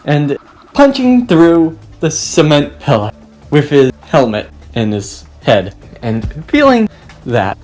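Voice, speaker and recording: Low-voiced woman retelling a fan story. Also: big pitch swings, darkish tone, soft background music. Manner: rambling, halting narration.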